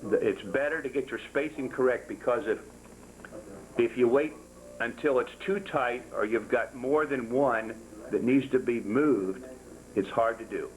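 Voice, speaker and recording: A man's voice: medium pitch, slight background noise, poor audio. An older man demonstrating how to make a rosary to a small class, folksy and jokey, repeating himself and counting steps aloud. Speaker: rosary-making instructor. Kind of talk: hands-on craft demonstration.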